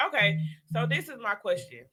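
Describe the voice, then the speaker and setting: Role: podcast co-host. Sex: woman. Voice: bright and forceful. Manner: teasing, curious, blunt. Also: medium pitch, big pitch swings, normal speed. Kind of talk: casual chat.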